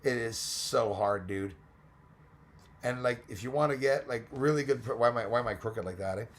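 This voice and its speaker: A man hosting a casual livestream, reading out chat names and greetings, his voice going hoarse and rambling between English, French and Spanish. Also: mid-range voice, normal speed. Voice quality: gravelly, hoarse voice. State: losing his voice.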